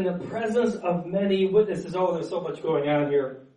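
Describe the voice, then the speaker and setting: A man's voice: on the high side, lively intonation, moderate pace, dark tone, lo-fi sound. A man preaching a sermon as pastor, earnest, stumbling over repeated words and then building up with fervor. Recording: echoey room, mic at a distance.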